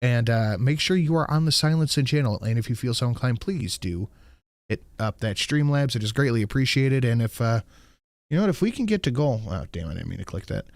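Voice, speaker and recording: A man's voice: mid-range voice, lively intonation, brisk, no room sound, clean studio sound. A man hosting a live stream, reacting to clips in a casual, sarcastic way and swearing freely.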